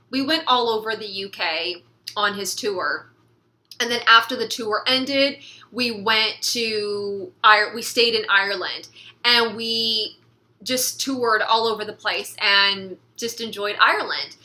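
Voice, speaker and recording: A woman's voice: fairly high pitch, pushed and bright. A young woman vlogging in a casual, rambling chat to camera, laughing often and filling with "like". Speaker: beauty vlogger.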